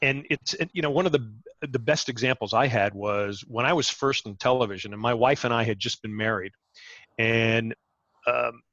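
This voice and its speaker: Middle-aged man, ex-TV reporter, energetic guest who stumbles into sentences; dull, dry call audio. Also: medium pitch, normal speed, no echo. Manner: energetic, repeats words when starting sentences. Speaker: interview guest, former TV reporter. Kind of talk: conversational advice.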